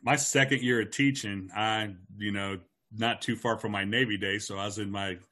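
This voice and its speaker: A man's voice: on the low side, moderate pace. A man, a teacher, telling a story from his teaching days in a casual chat, acting out the voices of the people in it. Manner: animated anecdote teller who acts out quoted voices.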